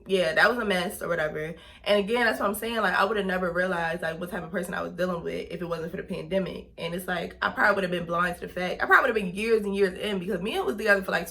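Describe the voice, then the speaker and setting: A woman's voice: fairly low pitch, vocal fry. A young woman with speech, casually telling a personal story in a chatty vlog, full of fillers. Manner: chatty, lots of fillers, animated retelling. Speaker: vlogger and lash artist.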